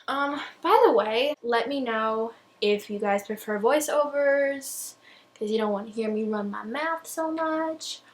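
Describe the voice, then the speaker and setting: A woman's voice: on the high side, slight background noise, rough recording. A young woman talking through a makeup tutorial in a chatty, rambling, self-deprecating way, a little out of breath. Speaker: beauty vlogger.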